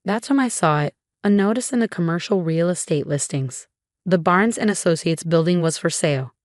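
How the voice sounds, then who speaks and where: A woman's voice: lowish voice, expressive, fairly quick, no echo, clean studio sound, lightly acted. A woman reading an earnest young daughter. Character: eager young woman, business-minded daughter.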